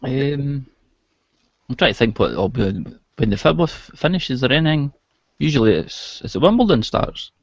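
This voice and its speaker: A man's voice: mid-range voice, animated, moderate pace, slightly rough, no room sound. A man co-hosting a casual live-stream chat, easygoing and prompting with short replies. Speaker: co-host of a film review live chat. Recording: dry muffled lo-fi stream audio.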